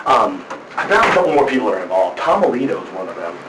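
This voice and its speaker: A man's voice: lowish voice, sing-song, quick pace. A man talking anxiously at a police station, rambling with many fillers and restarts. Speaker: complainant. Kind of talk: casual conversation. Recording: noisy, echoey room from a distance.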